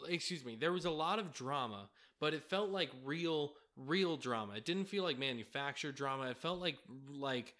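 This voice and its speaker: A man co-hosting a casual recap podcast, relaxed and hesitant, with many fillers. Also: on the high side. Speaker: podcast co-host. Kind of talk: casual reality-TV recap chat.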